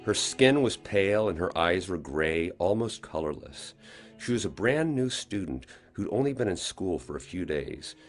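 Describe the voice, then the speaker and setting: Deep-voiced man narrating an audiobook. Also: normal speed, faint music behind. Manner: expressive storytelling. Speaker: author reading his novel.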